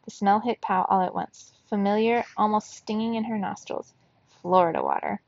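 A woman reading a children's novel aloud for a book club, telling the story in a steady, expressive way. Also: medium pitch, moderate pace, no room sound, dull audio.

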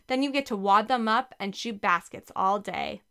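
A woman's voice: mid-range voice, normal speed, sharp tone, smooth. A woman voicing a friendly, easygoing teenage boy tutor in a storybook reading. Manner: easygoing, kindly.

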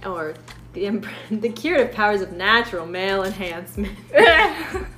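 Animated woman guest, echoey room. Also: medium pitch, moderate pace, soft background music. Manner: animated storyteller, quotes herself. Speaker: podcast guest. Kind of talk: casual chat over a card game.

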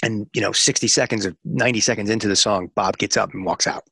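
A man's voice: fairly low pitch, fast, vocal fry, breathy edge, no echo. A man telling a long story in an interview, acting out the voices of the people in it. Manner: animated storyteller acting out dialogue. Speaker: music radio promotion executive.

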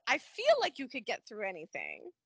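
High, lively woman chatting with laughter. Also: moderate pace, gravelly, husky, dry recording. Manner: animated, laughing, acting out characters' lines. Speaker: podcast co-host. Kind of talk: casual chat recapping a soap opera.

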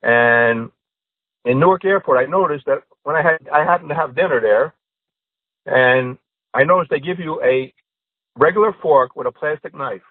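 A stand-up comedian acts out the characters in his jokes in a husky, slightly high voice. He talks in a casual podcast chat over a dry, tinny line that sounds like a phone call. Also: moderate pace, dry recording. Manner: animated storyteller acting out joke characters. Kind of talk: casual podcast joke-telling.

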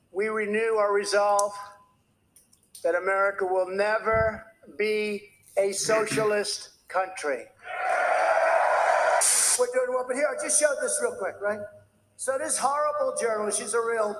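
Male politician, high voice, combative and dismissive with reporters. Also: unhurried, long pauses, heavy background noise. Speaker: president at a press conference. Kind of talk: speech and press conference remarks.

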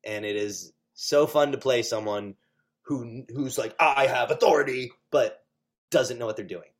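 A man, a stage actor, chatting as an interview guest, animated and full of fillers. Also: medium pitch, unhurried. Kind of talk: casual interview chat.

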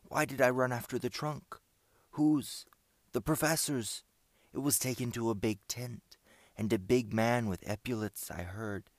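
A man putting on a breathless young scout who blurts his news in short, urgent bits, pitched well above the reader's own low voice. The storybook voice still carries a little gravel, recorded close and dry. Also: fairly even intonation, unhurried, no echo, natural voice. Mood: excited. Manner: eager, urgent, clipped phrases.

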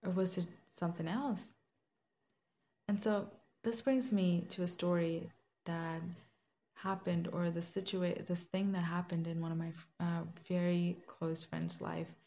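Speaking a little slowly, a woman with a fairly low, dark-toned voice and fairly even intonation tells her personal faith story. She's young, earnest, and conversational, using fillers and restarts in this reflective testimony, recorded slightly muffled with faint hiss.

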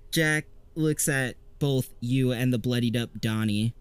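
A man's voice: medium pitch, a little hiss or hum. Man narrating a tabletop game. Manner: relaxed, descriptive storytelling. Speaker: game master.

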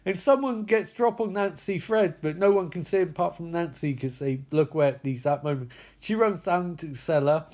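A man with a high voice tells the plot of a horror film in a loose, casual way. He is excitable and profane, breaking into exclamations as the action builds. The recap feels like chatting with a friend. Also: moderate pace, hardly any pauses.

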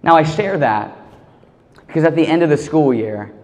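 Casual, animated man preaching in a hall. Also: on the high side, moderate pace. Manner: casual, animated storytelling with slang. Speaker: youth pastor. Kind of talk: sermon storytelling. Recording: long hall reverb.

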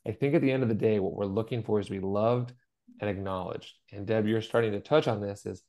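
A man's voice: fairly low pitch, steady tone, fast talker, mellow. A middle-aged man co-hosting a podcast, talking in an earnest, storytelling way and acting out the voices of the people he quotes. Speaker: podcast co-host. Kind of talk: conversational podcast chat.

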